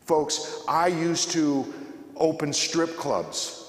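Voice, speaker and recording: A man addresses a church congregation with a fervent, emphatic testimony, often voicing his own prayers as if speaking them again. His voice sits at an ordinary middle pitch. The recording is roomy, with a long reverb trailing through the large church. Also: lively intonation, unhurried. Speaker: Catholic speaker giving a witness talk. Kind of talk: spoken testimony to a church audience.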